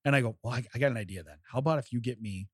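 Animated man telling a story. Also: mid-range voice, very fast, husky, no echo, studio quality. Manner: animated storyteller, acts out both sides of a phone call, laughs often. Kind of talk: casual storytelling chat.

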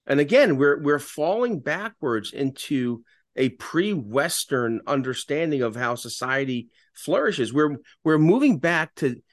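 A man's voice: fairly high pitch, lively intonation, unhurried, no echo, clean studio sound. A man co-hosting a political podcast, talking with passion and often restarting his sentences. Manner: repetitive restarts, impassioned. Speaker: radio talk show host.

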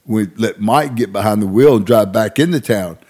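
Middle-aged man, lively raconteur, acts out the voices in his tales. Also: on the low side, moderate pace, slightly rough. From Arkansas. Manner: animated, acts out voices in stories. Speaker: guest storyteller. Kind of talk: casual storytelling.

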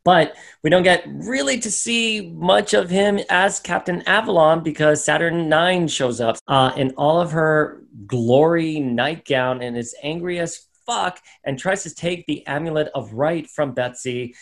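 A fairly high-pitched man with vocal fry talks a little slowly and rarely pauses. As a podcast co-host, he gives a casual rundown of a comic issue, bringing it to life by voicing the characters.

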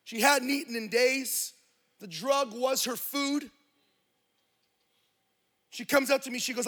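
A man's voice: extremely high pitch, steady tone, takes it slowly, long pauses, bright, forceful tone. A man preaching a sermon to a congregation, telling a story with passion and quoting the people in it. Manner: impassioned storytelling with quoted dialogue.

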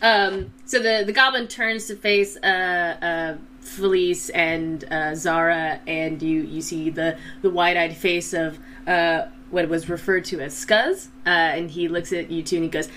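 Bright-voiced woman running a tabletop game. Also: on the low side, steady tone, slight background noise. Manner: halting, full of fillers. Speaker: dungeon master.

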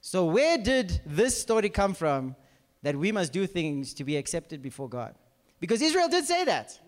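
A man's voice: high voice, sing-song, moderate pace. A man preaching a sermon, acting out scripture characters and asking the audience to follow. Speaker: pastor. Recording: reverberant hall.

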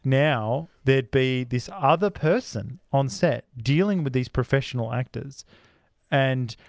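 Podcast co-host, male, animated storyteller who slips into voices, dry close mic. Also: mid-range voice, measured pace, creaky, no echo. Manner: animated, acts out voices of people in his stories. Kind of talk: casual film discussion.

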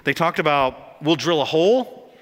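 A man delivers a lively sermon in a bright, forceful, fairly high voice. His animated, joking delivery jumps to excited peaks. A long hall reverb trails every phrase. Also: moderate pace. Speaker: pastor.

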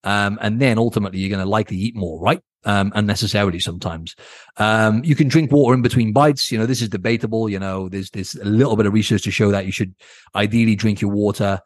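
A man's voice: on the low side, steady tone, fast, no echo, studio quality. A man hosting his own podcast as a coach, giving blunt, casual advice and often checking in with "right?". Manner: blunt, casual, keeps asking "right?", swears. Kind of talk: solo podcast advice talk.

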